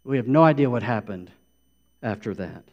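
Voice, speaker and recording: A man's voice: mid-range voice, lively intonation, moderate pace, muffled recording. A middle-aged man preaching a sermon, repeating phrases for emphasis as a pastor. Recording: long hall reverb.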